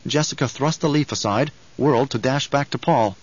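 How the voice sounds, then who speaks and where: A man's voice: medium pitch, moderate pace, few pauses, breathy edge. Man narrating an audiobook, lo-fi. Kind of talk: scripted narration.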